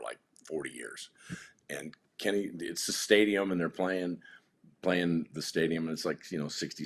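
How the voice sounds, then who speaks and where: A middle-aged man telling rambling, animated stories in a casual podcast chat, often restarting his sentences. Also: rumbling low, slight background noise. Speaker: podcast guest.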